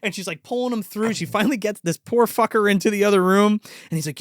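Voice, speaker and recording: A man's voice: high-pitched, fast talker, dry recording, studio quality. A man co-hosting a casual movie podcast, animatedly retelling scenes with crude swearing and acted-out quotes. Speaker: podcast co-host. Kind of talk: casual movie review chat.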